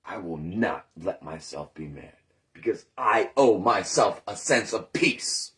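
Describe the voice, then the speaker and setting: A man's voice: sits low, animated, a little slow, fairly bright tone. A man in recovery telling his story in a candid, rambling monologue, swearing often and questioning himself aloud. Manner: rambling, profane, self-questioning.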